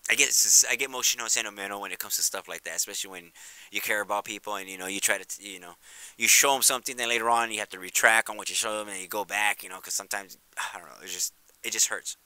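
Male vlogger, lowish voice, very bright and clear, dry close mic; eager commentary that softens into apology. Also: very fast, dry recording. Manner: excitable, repetitive pointing out; soft-spoken and apologetic. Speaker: video creator. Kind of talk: casual vlog commentary.

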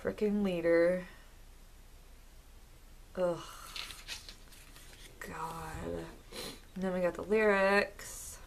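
A woman vlogger talking through an album unboxing, gushing and excitable as she speaks to the camera. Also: lowish voice, drawn-out words, vocal fry, pauses often, a little hiss or hum. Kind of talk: casual unboxing commentary.

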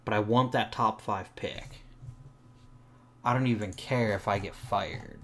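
A young man with a fairly low voice talks through a sports management game as he plays. He thinks aloud about trades and the roster, and sarcastically answers back to his complaining virtual players. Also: fairly even intonation, a little slow, pauses often, fairly bright tone. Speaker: gaming channel host. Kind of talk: let's play commentary.

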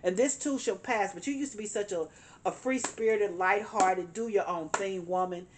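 A woman reads tarot cards aloud, talking straight to her listener. She is emphatic, circling back to repeat her points. Her voice sits at an ordinary middle pitch. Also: normal speed, a little hiss or hum. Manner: emphatic, repeats phrases, addresses the listener directly. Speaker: tarot reader. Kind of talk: tarot reading monologue.

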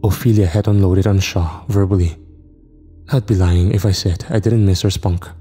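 Deep, dark-voiced male horror narrator. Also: moderate pace, breathy edge. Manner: steady, reflective first-person narration. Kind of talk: first-person horror story narration. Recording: reverb with faint music.

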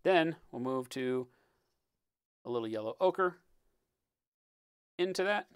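Man, smooth clear voice, dry close sound, casual painting tutorial, keeps asking "right?". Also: medium pitch, slow, dry recording. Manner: relaxed, explanatory, often ends with "right?"; muttering while working. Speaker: miniature painting instructor. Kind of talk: live-stream painting tutorial.

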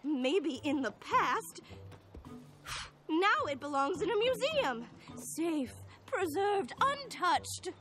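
An actress voicing a fussy, proper female pony professor in a cartoon, speaking in a measured, precise way. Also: very high voice, very animated, a bit bright, faint music behind, heavily acted. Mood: stern. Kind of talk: cartoon voice acting.

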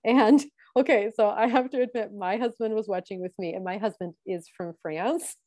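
A woman's voice: mid-range voice, normal speed, dry recording, clean studio sound. A woman co-hosting a casual chat, retelling scenes with lots of laughter. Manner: giggly, animated storyteller. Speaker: podcast co-host.

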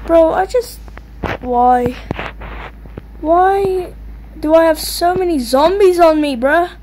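A young woman giving excitable, taunting commentary while playing a video game, yelping and squealing at the action. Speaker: gamer. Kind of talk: gameplay commentary. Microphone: low-quality mic. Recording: faint noisy low-quality mic.

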